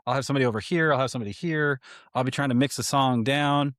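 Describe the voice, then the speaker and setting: A man's voice: medium pitch, fast, fairly bright tone, no room sound, studio quality. A man who works as a wedding DJ and MC, giving casual advice in a loose, conversational way with frequent fillers and little acted-out exchanges. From Seattle area. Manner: conversational, lots of fillers, acts out guest requests.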